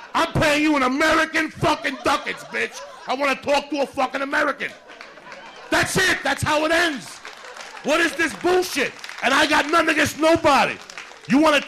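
Gravelly high-pitched ranting comedian man. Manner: loud, mocking, swearing constantly. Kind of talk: profane stand-up rant.

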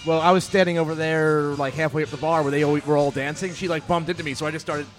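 Fast-talking man telling a bar story. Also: a little high, fairly even intonation, faint music behind. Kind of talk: casual chat.

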